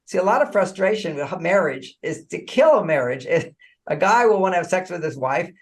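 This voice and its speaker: A man speaking as an author guest in a podcast interview. He is animated, chuckles often and repeats words as he restarts his sentences. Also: high voice, brisk. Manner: animated, acts out dialogue, frequent chuckles.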